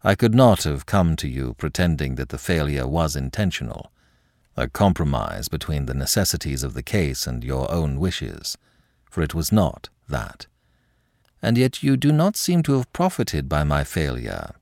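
A man reading a measured, ironic young Frenchman in a story. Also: very deep voice, big pitch swings, vocal fry, a little mellow, no echo, studio quality, voice pushed down, full character voice. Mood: wry. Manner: measured, wry.

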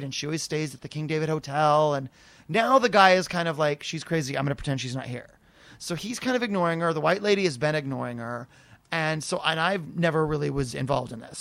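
High-voiced man telling a story. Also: no room sound. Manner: animated, acts out quotes in raised voices. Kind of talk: casual anecdote telling.

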